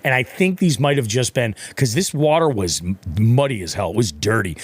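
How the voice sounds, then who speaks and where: Lively, swearing man telling a fishing story. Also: mid-range voice, a little fast, slightly rough, no echo. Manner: profane, animated storytelling, acts out his own quotes. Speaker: podcast co-host. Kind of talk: casual storytelling chat.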